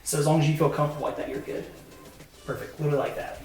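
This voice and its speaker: A Southern American woman photographer talks a client through poses in a bright, chatty way. She sounds distant in a very echoey studio. Faint music plays behind her. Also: deep voice, steady tone, racing. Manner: upbeat, chatty coaching with many fillers. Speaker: boudoir photographer. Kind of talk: directing a photo shoot. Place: indoor photo studio, roomy. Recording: echoey room, mic far off, faint music.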